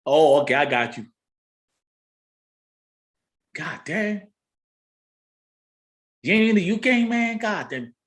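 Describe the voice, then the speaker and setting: A man's voice: fairly high pitch, big pitch swings, slow pace, pauses often. A man with a Kenyan accent hosting a live stream, chatting casually and teasing his viewers. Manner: teasing, playful, bantering.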